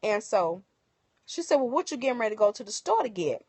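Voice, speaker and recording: A woman telling viewers a personal story in casual, animated speech, acting out the other people's lines. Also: on the high side, fairly quick, husky, no room sound. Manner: emotional, animated retelling with quoted dialogue. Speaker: livestream host. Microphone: phone.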